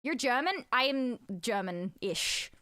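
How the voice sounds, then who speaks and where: Bubbly high-voiced woman streamer. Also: lively intonation, takes it slowly, bright, forceful tone, smooth, dry recording, clean studio sound. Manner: giggly, chatty, swears freely. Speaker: live streamer. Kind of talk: casual live-stream chat while playing a word game.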